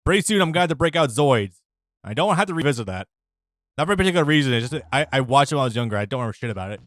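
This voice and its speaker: A man's voice: mid-range voice, lively intonation, very fast, a bit bright, no room sound. A man hosting a let's play, chatting casually about the game, stammering and restarting his words and swearing freely. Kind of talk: casual gaming chat.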